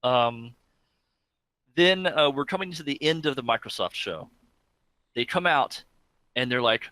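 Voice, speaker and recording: A man chatting on a gaming podcast, retelling events with lots of acted-out reactions. His voice is bright and edgy, and it swings widely in pitch. The sound is dry and close. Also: unhurried, pauses often, no echo. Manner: animated storytelling, acting out crowd reactions. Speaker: podcast co-host. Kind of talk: casual gaming podcast chat.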